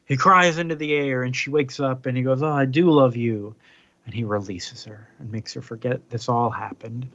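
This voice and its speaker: A man's voice: mid-range voice, steady tone, moderate pace, few pauses, sharp tone, no room sound, highs cut off. A man co-hosting a casual podcast, animatedly recapping a comic book story and switching voices for the characters. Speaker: podcast co-host.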